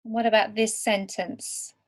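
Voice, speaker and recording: A woman teaching English to beginners over slides, speaking slowly and deliberately word by word. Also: mid-range voice, little pitch movement. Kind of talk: slow, clear lesson for beginner learners.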